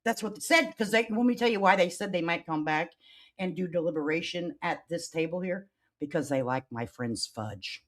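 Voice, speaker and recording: A woman commenting on online drama during a livestream, reading posts aloud and answering them with sarcasm and sudden loud outbursts. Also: normal speed. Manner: sassy, sarcastic, swings between loud outbursts and low mutters.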